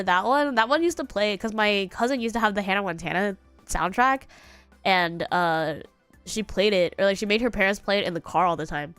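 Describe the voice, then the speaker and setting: A woman's voice: medium pitch, normal speed, a bit bright, smooth, no echo, soft background music. A congested young woman streamer chatting casually and rambling, now and then singing bits of songs. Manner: rambling, sings snatches of songs. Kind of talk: casual chat.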